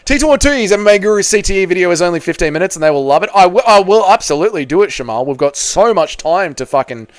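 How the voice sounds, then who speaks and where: Australian man, live stream chat, sweary banter, smooth clear voice, slightly high. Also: animated, quick pace, hardly any pauses, no echo. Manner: swearing, matey banter while reading donations. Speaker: MMA YouTuber streaming live. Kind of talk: casual livestream chat.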